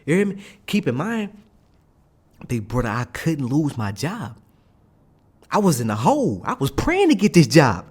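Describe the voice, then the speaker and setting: A young man casually telling a story in an animated, slangy way, often checking in with his listeners. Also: on the high side, moderate pace, pauses often, husky. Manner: animated, slangy, keeps asking "you hear me?". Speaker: streamer.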